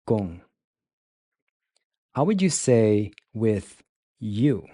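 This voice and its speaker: A man teaching pronunciation, breaking words into sounds and repeating them slowly and carefully. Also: fairly low pitch, sing-song, dark tone, dry recording, studio quality. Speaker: language teacher. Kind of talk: slow, careful pronunciation lesson.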